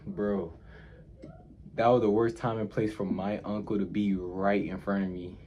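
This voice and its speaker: A young man records a casual Q&A on his phone, full of slang and loose, repetitive storytelling. His voice is low and mellow, and the audio is dull and lo-fi. A faint hiss sits underneath. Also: level tone, measured pace. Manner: slangy, rambling, often repeating himself. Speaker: YouTuber answering fan questions.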